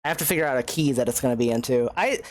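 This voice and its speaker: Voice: mid-range voice, rapid-fire. Chatty self-mocking game streamer. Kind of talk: casual let's-play commentary. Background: faint game music.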